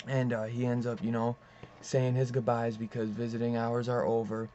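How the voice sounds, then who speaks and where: A man's voice: medium pitch, little pitch movement, moderate pace, darkish tone. A man casually recapping a comic issue, rambling with many fillers and reading out the characters' lines as he goes. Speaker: comic book reviewer. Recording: dull lo-fi sound with faint noise.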